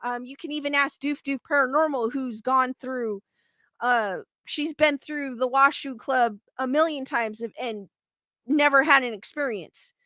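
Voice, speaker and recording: Speaking unhurriedly in a high, pushed, bright voice with no room sound, a woman runs a paranormal livestream on YouTube. She reads comments and chats loosely with her audience, rambling openly as she vents her annoyance.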